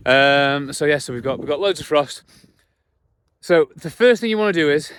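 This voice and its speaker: High-voiced man training a dog outdoors. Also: expressive, moderate pace, fairly bright tone, recorded from a distance, a little hiss or hum. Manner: chatty, repeats words, gives commands to the dog. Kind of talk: casual training demonstration. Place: outdoors in a cold field, moving around.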